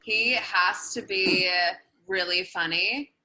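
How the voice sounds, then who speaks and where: A woman's voice: mid-range voice, takes it slowly, background noise. A woman in her twenties, a singer, chatting as a guest on a podcast in a bubbly, self-mocking way. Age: 20s. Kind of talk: casual podcast chat. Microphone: remote call setup.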